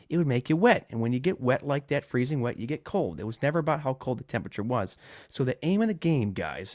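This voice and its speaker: A man with a fairly low voice hosts a live-streamed podcast, chatting loosely to his viewers. He rambles off the cuff, circling back with fillers and restarts. His voice sits close to a covered desk microphone with a dry, deadened sound. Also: darkish tone, no room sound. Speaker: podcast host. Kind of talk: casual live-stream chat.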